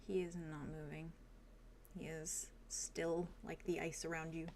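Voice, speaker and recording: A woman narrating as game master in a tabletop game, describing the scene gently and using many fillers. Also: low voice, level tone, measured pace, a little hiss or hum.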